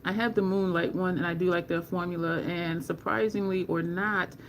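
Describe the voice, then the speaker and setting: A woman hosting a makeup livestream from home, talking slowly and rambling while she greets viewers from the chat. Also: fairly low pitch, fairly even intonation, a little hiss or hum.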